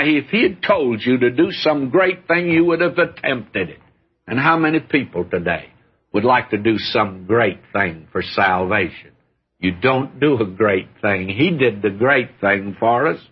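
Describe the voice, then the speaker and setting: A man's voice: fairly low pitch, breathy edge. An older man preaching a sermon in a folksy, earnest way, often calling his listeners friend. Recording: dull lo-fi sermon recording.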